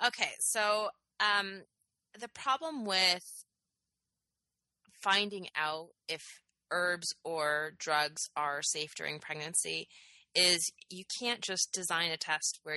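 Woman with low bright voice, chatty science explainer, lots of um and you know, dry sound. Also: a little slow, no room sound, low-quality recording. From Canada. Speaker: podcast co-host. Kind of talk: casual health podcast chat.

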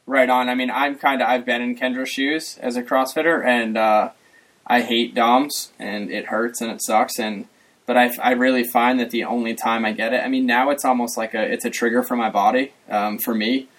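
A man talks casually with his co-hosts, voice sitting in an ordinary middle range. He tells stories with jokey, animated energy and slips into quick asides. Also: mid-range voice, poor audio. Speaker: podcast co-host. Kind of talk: casual chat.

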